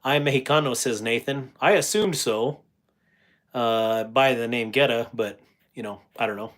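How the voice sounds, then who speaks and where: A man's voice: mid-range voice, moderate pace, fairly bright tone. A middle-aged man chatting casually on a livestream, reading viewer comments aloud and laughing often. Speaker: livestream host.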